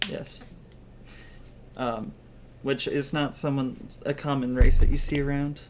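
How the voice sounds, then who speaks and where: A man's voice: medium pitch, little pitch movement, measured pace, noisy background. A man running a tabletop game as game master, chatty and rambling, laughing often.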